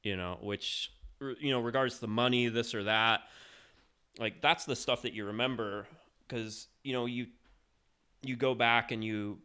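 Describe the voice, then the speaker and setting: A man's voice: mid-range voice, fairly even intonation, moderate pace, bright, forceful tone, clean tone. A man hosting a podcast in casual chat, rambling and hesitant, restarting his sentences often. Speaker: podcast host.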